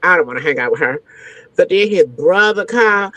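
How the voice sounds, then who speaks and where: A woman's voice: lowish voice, animated, a little fast, a bit bright, dry recording. A woman guest entertainer telling a story in a frank, profane, slang-heavy way. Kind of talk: animated storytelling. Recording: dull lo-fi, dry sound.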